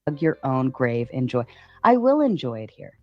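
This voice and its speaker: A woman on a live-stream panel with a soft, husky voice, defiant as she reads out donations and answers viewers. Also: very deep voice, sing-song, moderate pace, no echo. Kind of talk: casual live-stream talk. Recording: dull muffled stream audio with faint music.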